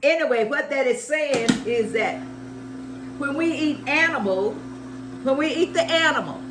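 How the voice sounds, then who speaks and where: A woman's voice: high-pitched, lively intonation, measured pace, roomy sound, noisy background. Exclamatory woman in her seventies. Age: 70s. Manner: exclamatory and preachy, repeats phrases. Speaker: health vlogger. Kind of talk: casual chat while juicing.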